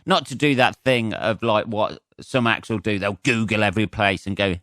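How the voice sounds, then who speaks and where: A man talks alone into the mic with a blocked nose, his lowish voice crisp and bright. He rambles and swears in a sarcastic way, laughing at his own jokes, with almost no room sound around him. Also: moderate pace, few pauses, dry recording, clean studio sound. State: stuffy nose from a cold. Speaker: comedian and podcast host. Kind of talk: solo podcast monologue.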